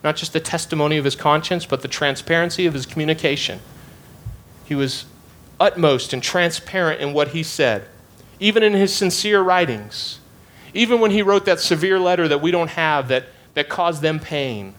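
A man preaching an expository sermon with a fairly high voice. He talks emphatically and circles back on his phrases to drive each point home. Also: moderate pace, a bit bright.

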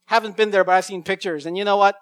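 High-voiced man preaching a sermon. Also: fairly even intonation, a bit bright, clean tone, no echo. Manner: expository preaching, slows down to read scripture with emphasis. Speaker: pastor.

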